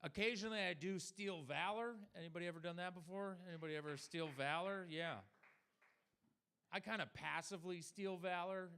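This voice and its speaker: A young man performing a stand-up comedy set, talking deadpan to the crowd and slipping into mock voices for the people he quotes. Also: high-pitched, a little fast, clean tone.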